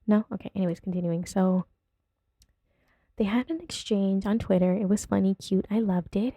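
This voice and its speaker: A woman's voice: mid-range voice, normal speed, dark tone, no echo. A woman hosting a casual podcast from home, whose first language is not English, chatting in a rambling, giggly way and getting sidetracked easily. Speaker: podcast host. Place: at home with her dog nearby.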